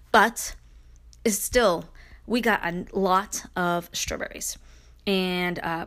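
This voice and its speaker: A woman's voice: lowish voice, fairly bright tone. Chatty, rambling woman podcast host. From Brooklyn, New York. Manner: rambling, chatty, many fillers and restarts. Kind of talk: casual solo podcast monologue.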